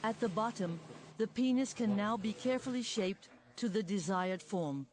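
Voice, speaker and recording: A woman's voice: medium pitch, normal speed. A woman reading a scripted documentary voice-over that describes an operation step by step. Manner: steady, descriptive narration. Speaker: documentary narrator.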